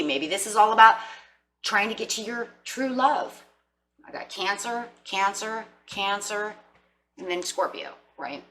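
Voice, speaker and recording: With slight background noise and rough audio, a woman with a mid-range voice offers viewers an informal tarot reading. Chatty and animated, she regularly acts out the things people say to themselves.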